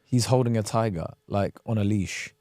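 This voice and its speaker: A man's voice: fairly low pitch, normal speed, darkish tone, no echo, clean studio sound. A man co-hosting a podcast in casual chat, blunt and teasing, matter-of-fact in his opinions. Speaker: podcast co-host.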